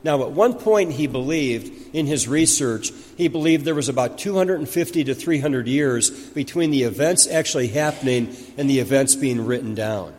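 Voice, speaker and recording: A man's voice: medium pitch, expressive, normal speed, few pauses, darkish tone, big-room sound. A man preaching a teaching sermon, putting questions to the congregation and then answering them himself. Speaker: pastor.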